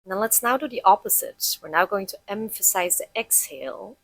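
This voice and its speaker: A woman teaching about heart rate and breath, calmly explaining and guiding listeners through a breathing practice step by step. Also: mid-range voice, brisk, vocal fry, no echo, low-quality recording. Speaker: breathwork instructor.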